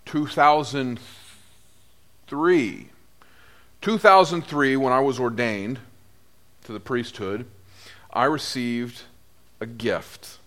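A middle-aged man, a priest, preaching a sermon, telling the story with lively asides and acting out the voices of the people in it. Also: mid-range voice, slow, long pauses.

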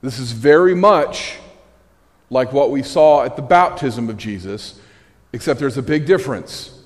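A man preaching a conversational sermon, telling the story with animated energy and wry asides. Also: mid-range voice, measured pace. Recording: echoey hall.

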